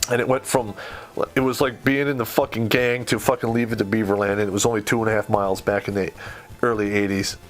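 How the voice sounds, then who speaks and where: A man's voice: on the low side, little pitch movement, fast talker, faint music behind. A middle-aged man from Michigan telling a war story in casual, blunt, profanity-heavy podcast talk. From Michigan, USA. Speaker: podcast host.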